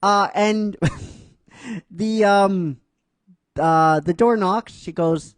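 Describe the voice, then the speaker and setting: A man's voice: on the high side, slow pace, pauses often, dry recording. A man casually narrating a fan-written story, chatty and rambling with many fillers.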